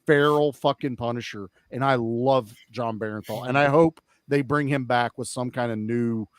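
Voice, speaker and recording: A man's voice: mid-range voice, steady tone, moderate pace, clear, resonant tone, no echo, clean studio sound. A man guesting on a casual podcast chat, talking enthusiastically and swearing freely.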